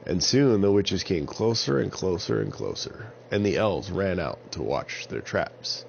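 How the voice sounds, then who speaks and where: A man with a low, gravelly voice narrates a children's story, his pitch rising and falling animatedly. The recording is slightly dull and lo-fi, with a faint hiss behind him. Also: very animated, measured pace, a little mellow.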